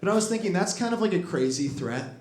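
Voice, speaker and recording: Young stand-up comic, self-deprecating, rambling with fillers, slightly high voice; roomy club with laughing crowd. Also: male voice, expressive, quick pace, a little mellow. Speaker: stand-up comedian. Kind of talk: stand-up comedy set. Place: comedy club.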